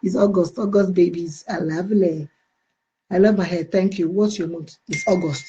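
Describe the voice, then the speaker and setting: A woman's voice: on the low side, steady tone, moderate pace, dark tone, highs cut off. A middle-aged woman with a Nigerian accent, chatting casually on a live stream and greeting viewers by name. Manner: chatty, playful, answers comments by name with blessings. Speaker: live-stream host reading viewer comments. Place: United Kingdom.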